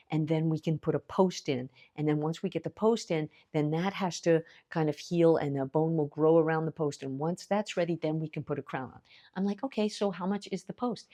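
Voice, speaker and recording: A woman's voice: low voice, normal speed, dark tone. A woman in her fifties from the United States telling a story to camera in a chatty way, acting out both sides of her conversations. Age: 50s. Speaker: lifestyle vlogger. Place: India.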